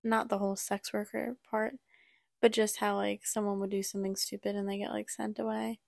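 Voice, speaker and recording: A woman's voice: mid-range voice, little pitch movement, brisk, gravelly, a little mellow, dry recording, clean studio sound. A woman co-hosting a casual book podcast, adding hesitant comments full of "like" and "um". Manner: hesitant, filler-laden comments. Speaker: podcast co-host.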